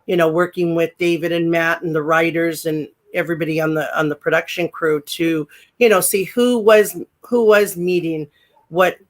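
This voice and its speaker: A middle-aged woman with a naturally deep voice talks as a guest in a relaxed interview. She tells her stories in a loose, chatty way, full of fillers and self-corrections. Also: normal speed. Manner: chatty storyteller, many fillers and restarts. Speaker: guest, former pro wrestler. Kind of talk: casual interview chat.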